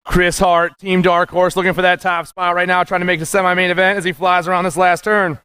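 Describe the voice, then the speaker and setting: A man calling live races as the announcer, excited and punchy, rattling off names and nicknames. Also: sits high, quick pace, clean tone, dry recording. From USA. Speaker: race announcer. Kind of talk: live race commentary.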